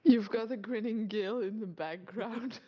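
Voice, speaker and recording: A woman player calmly describing her character's actions in a tabletop game. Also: medium pitch, a little slow. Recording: dull lo-fi sound.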